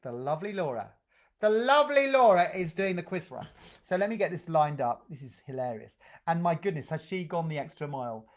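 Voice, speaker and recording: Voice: medium pitch, very animated, brisk. A drama group leader hosting an online session, full of upbeat praise and loose, improvised links. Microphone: video call.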